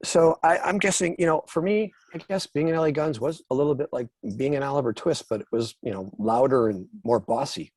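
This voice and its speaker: A man's voice: mid-range voice, fairly quick, few pauses, a little mellow, no echo. A man, a guest musician, telling rambling, self-deprecating stories in a casual interview.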